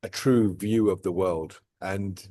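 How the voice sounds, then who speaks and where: Man talking in a low, dry, mellow voice. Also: slow, no room sound. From outside Dubai. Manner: rambling, repeats "right?" and "look". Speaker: vlog host. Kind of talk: casual reflective chat.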